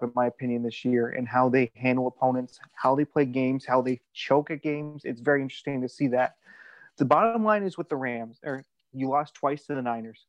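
A man's voice: medium pitch, no room sound. A man on a sports talk panel who builds his case point by point. His voice sits in a middle range and comes through a dull, lo-fi mic with a dry sound. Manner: methodical, builds a structured argument. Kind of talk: casual sports chat.

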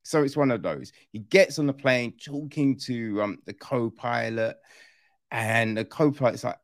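Male film reviewer, animated and slangy, slow delivery, dry close sound. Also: mid-range voice, no echo. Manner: chatty and animated, with frequent tag questions and slang. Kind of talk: casual spoken film review.

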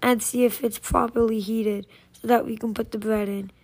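A woman's voice: fairly high pitch, level tone, moderate pace, darkish tone. A woman voicing a cruel, scheming old witch in a read-aloud fairy tale, mocking and commanding.

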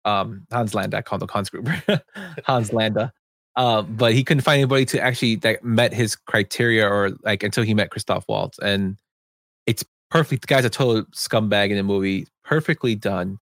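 A man's voice: on the low side, normal speed, fairly bright tone, no echo, studio quality. A man co-hosting a podcast, chatting about films in a loose, rambling way and reading out film facts. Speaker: podcast co-host. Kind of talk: casual film chat.

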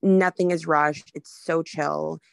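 Easygoing woman podcast cohost, lowish voice, dry close sound. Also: slow pace, creaky, dry recording. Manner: relaxed, easygoing. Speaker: podcast co-host. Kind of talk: casual podcast chat.

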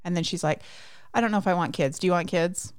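A woman's voice: lowish voice, quick pace, clean tone, no room sound, studio quality. A woman co-hosting a podcast, chatting casually through a recap, joking, laughing a lot and acting out characters' lines. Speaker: podcast co-host.

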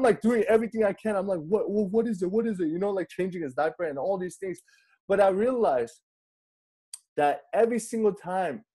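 Chatty young male pastor, mellow voice. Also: mid-range voice. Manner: chatty, animated storytelling with frequent "right?" and "you know". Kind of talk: casual conversational sermon.

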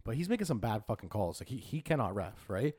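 A man's voice: lowish voice, fast, slightly rough, no echo. A man in casual chat, telling stories with lots of swearing and "bro". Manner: animated storyteller, swears freely, says bro.

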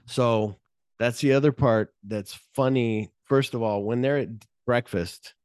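A man's voice: medium pitch, measured pace, a little mellow, smooth, no echo, studio quality. A man hosting a casual podcast chat, recapping a film plot and swearing freely as he jumps into quoted lines. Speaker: podcast host.

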